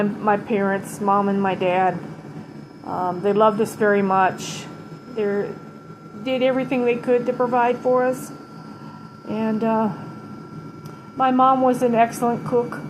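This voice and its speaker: A middle-aged woman talks slowly and haltingly at home, often pausing, restarting and holding back tears as she remembers her mother. She sounds tired. A steady hum of air conditioning sits clearly under her voice. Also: mid-range voice. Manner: halting, tearful, many pauses and restarts. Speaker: vlogger giving a tribute to her late mother. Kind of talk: emotional personal vlog.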